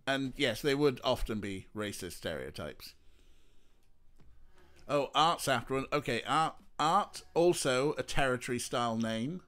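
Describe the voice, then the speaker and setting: A man's voice: mid-range voice, expressive, measured pace, fairly bright tone. A man streaming a game, chatting casually with his viewers and laughing often, with faint game music behind. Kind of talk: casual let's-play commentary.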